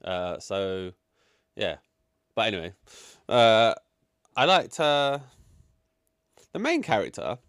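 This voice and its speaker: A man's voice: fairly low pitch, sing-song, slow pace, long pauses, a bit bright, clear, resonant tone, no room sound, studio quality. A man co-hosting a casual chat, giving blunt, sweary opinions with many fillers. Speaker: podcast co-host reviewing a film.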